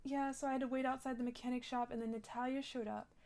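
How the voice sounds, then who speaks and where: A woman's voice: high-pitched, flat delivery, fast talker, darkish tone. A young woman telling a rambling, shaken story in character during a role-play game, full of "like" and restarts.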